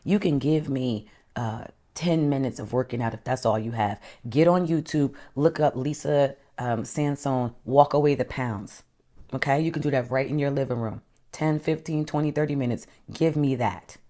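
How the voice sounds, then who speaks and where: Woman, low pitch, life coach, motivational talk, emphatic, animated, affectionate pet names. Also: moderate pace. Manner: emphatic, animated, calls listeners honey and child.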